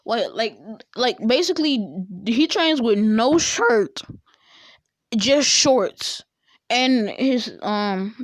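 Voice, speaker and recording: A woman's voice: a little high, lively intonation, drawn-out words, no room sound. Slangy, rambling woman storyteller. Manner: rambling, slangy, full of fillers. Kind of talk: casual fan-fiction storytelling.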